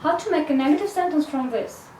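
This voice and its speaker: High-voiced woman teaching in an echoey room. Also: animated, darkish tone, a little hiss or hum. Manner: slow, careful explanation with frequent "so". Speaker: English teacher. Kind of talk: video grammar lesson. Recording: echoey room, mic at a distance.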